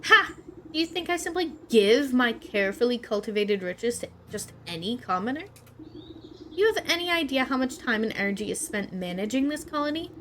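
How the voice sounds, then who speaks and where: A woman's voice: a little high, expressive, brisk, a little hiss or hum, natural voice. A woman voicing a haughty queen bee. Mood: scornful. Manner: haughty, scornful, commanding. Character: imperious vain female queen bee.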